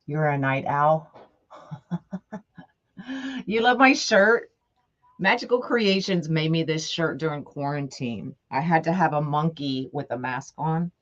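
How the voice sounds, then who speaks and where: A woman's voice: low voice, lively intonation, unhurried, pauses often, dull audio. A middle-aged woman who hosts a craft livestream, chatting with viewers by name and thinking aloud as she works. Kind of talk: casual livestream chat while crafting.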